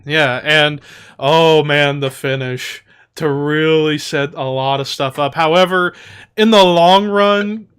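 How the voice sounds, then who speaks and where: A man's voice: on the high side, takes it slowly, fairly bright tone, smooth. A man co-hosting a casual wrestling podcast, recapping events and slipping into playful impressions. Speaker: podcast co-host.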